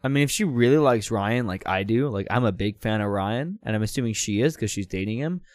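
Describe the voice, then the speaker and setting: A man's voice: lowish voice, animated, fairly quick, dry recording, clean studio sound. A man hosting a comedy podcast, reading fan fiction aloud and cracking chatty jokes about it. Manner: chatty, joking asides. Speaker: podcast host, reader. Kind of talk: casual comedic reading and banter.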